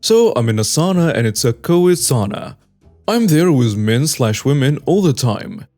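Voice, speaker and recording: A man reading online stories aloud as the regular narrator of a story channel, in a steady scripted voice. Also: medium pitch, measured pace, faint music behind.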